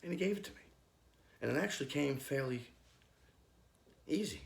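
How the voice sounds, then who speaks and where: A man, a youth group leader, giving a halting, nervous personal faith testimony full of ums. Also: medium pitch, lively intonation, vocal fry, echoey room. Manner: hesitant, halting, many ums.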